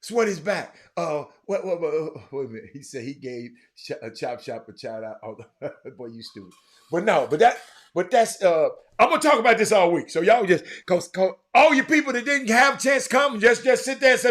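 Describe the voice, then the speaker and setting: A middle-aged man, hosting a casual, rambling talk to viewers. He talks in an animated, repetitive way, with many fillers and sudden bursts of excitement. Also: high voice, a little fast. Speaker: show host.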